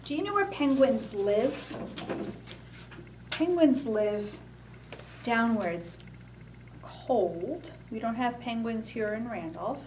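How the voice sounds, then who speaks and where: A woman leads a library storytime for small children, singing and reading picture books aloud in a slow, gentle cadence. Her voice sits a little high and unhurried. The recording picks her up from some distance, with a faint hum of room noise underneath. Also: lively intonation. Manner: slow, gentle, sing-song read-aloud.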